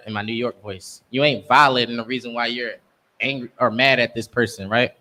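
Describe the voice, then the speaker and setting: Young man, scripture class teacher, emphatic street-slang preaching, everyday mid pitch. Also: steady tone, a little fast, bright, forceful tone. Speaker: class instructor.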